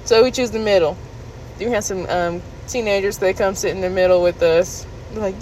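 A woman vlogger casually recounting a story to her viewers, candid and laughing, jumping into high squeals when she quotes herself. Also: a little fast, slight background noise, poor audio. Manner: animated retelling, jumps to high squeals when quoting herself.

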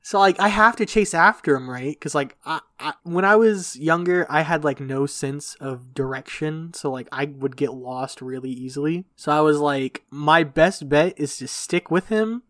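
A man's voice: on the high side, normal speed, few pauses, fairly bright tone, no echo. Rambling, profane young man. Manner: rambling, profane, laughing storyteller. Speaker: podcast co-host. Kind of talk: casual storytelling chat.

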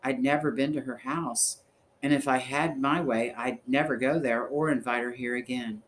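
A man reads a storybook aloud in the first person, at a measured, steady pace. His voice sits at a middle pitch, and a faint hiss runs under it. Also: rough recording. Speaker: audiobook narrator.

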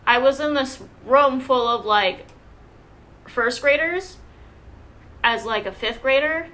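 A young woman from Hawaii in casual chat, an animated, self-deprecating storyteller who fills her talk with "um" and "like". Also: sits high, takes it slowly.

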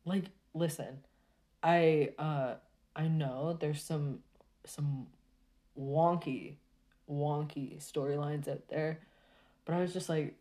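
A woman talking casually to her viewers in a rambling, exasperated rant full of halting restarts. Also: low-pitched, steady tone, dark tone.

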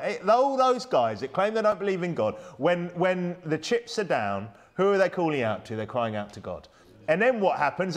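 Male British preacher, emphatic and conversational, a bit high and very animated in pitch. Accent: British English. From United Kingdom. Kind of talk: sermon.

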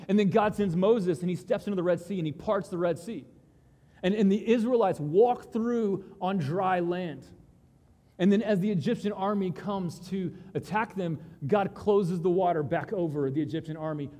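A pastor preaching a sermon, retelling scripture in casual, conversational voices and dropping to a quiet intensity. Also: male voice, sits high, lively intonation, normal speed. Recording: long reverb of a large hall.

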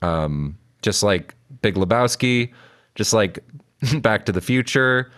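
A young man riffs through a casual movie commentary, rambling and giggling as he goes. His voice sits low but swings widely in pitch, so it never settles into a drone. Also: lively intonation, slow, fairly bright tone. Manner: rambling, giggly, lots of fillers. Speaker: podcast co-host. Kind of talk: casual film commentary chat.

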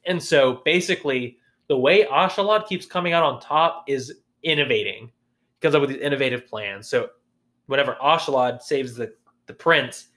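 Bright-voiced young man chatting casually. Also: medium pitch, moderate pace. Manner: animated, acts out quotes in a raised voice. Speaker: podcast co-host. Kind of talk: casual chat.

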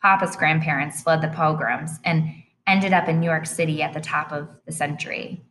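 A woman reads an audiobook in the first person, earnest and plain in her storytelling. Her voice sits a little low, with a faint hiss beneath the recording. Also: steady tone, moderate pace, fairly bright tone, low-quality recording. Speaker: audiobook narrator.

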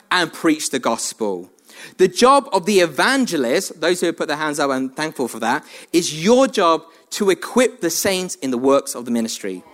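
A man preaching a sermon, telling funny stories about himself and laughing often. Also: a little high. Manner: animated, self-mocking storytelling with frequent laughs.

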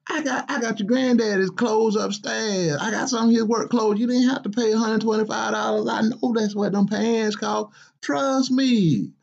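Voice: mid-range voice, steady tone, moderate pace, gravelly, a little mellow, lo-fi sound. A performer playing a stern, hardworking father who scolds his grown son with sarcasm in a comedy skit. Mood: mocking. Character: stern middle-aged working father.

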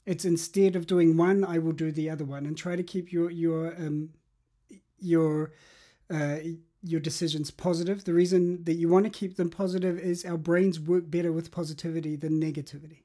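Mellow-voiced man explaining habits. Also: on the high side, little pitch movement, moderate pace. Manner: reflective, explaining with examples and restarts. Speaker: guest. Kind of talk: interview about habits.

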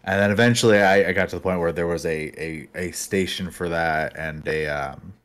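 A man's voice: sits low, normal speed, a bit bright. A man co-hosting a podcast, chatting casually and a little hesitantly, with many ums and restarts. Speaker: podcast co-host. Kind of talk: casual chat.

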